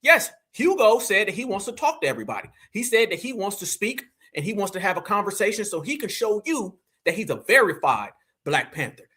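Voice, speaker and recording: Man, high pitch, bright sharp tone, mocking live commentary. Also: a little fast, few pauses, breathy edge. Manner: mocking, animated, uses slang like "fam". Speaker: host. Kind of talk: live commentary reacting to clips.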